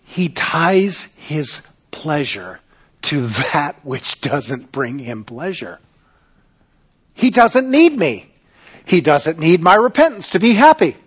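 Guy preaching a sermon, highish voice all over the place, sarcastic and dramatic. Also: sing-song, slow pace, breathy edge. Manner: dramatic, sarcastic, swings between loud and hushed. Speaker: pastor.

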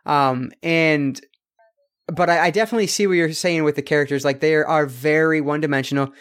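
A man's voice: a little high, brisk, fairly bright tone. A man co-hosting a casual film review podcast, talking in a rambling way with many fillers and restarts. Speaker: podcast co-host.

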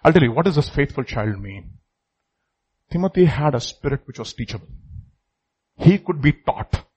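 Husky high-voiced man preaching. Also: lively intonation, normal speed, a little mellow, highs cut off. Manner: emphatic, repeats phrases, questions the congregation. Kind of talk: sermon.

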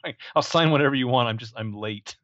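A man's voice: medium pitch, quick pace, a bit bright, dull audio, a little hiss or hum. A man co-hosting a podcast, chatting casually and sarcastically about a film, swearing and laughing often. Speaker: podcast co-host. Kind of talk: casual movie review chat.

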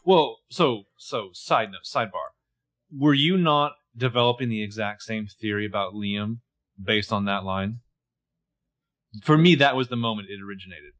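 A man co-hosting a casual podcast, recapping a TV episode and acting out characters' lines in quick voices. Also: on the low side, a bit bright. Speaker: podcast co-host.

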